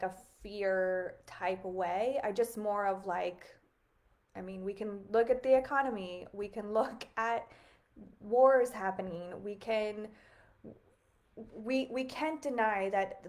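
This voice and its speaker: A woman in her thirties speaks straight into her webcam, hosting a reflective spiritual livestream. Her voice sits at an ordinary middle pitch, and she talks in an earnest, musing way with plenty of "like" and soft laughs. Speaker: livestream host.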